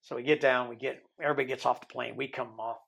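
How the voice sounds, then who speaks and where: A man in his sixties, a podcast guest, telling a long story in a lively way and acting out the people he quotes. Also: mid-range voice, fast, vocal fry. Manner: animated storyteller who mimics the people he quotes.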